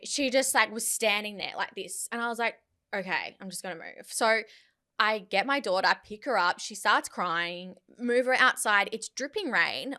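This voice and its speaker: A woman in her thirties with an Australian accent, telling an animated, indignant story as a podcast co-host in casual chat. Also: on the high side.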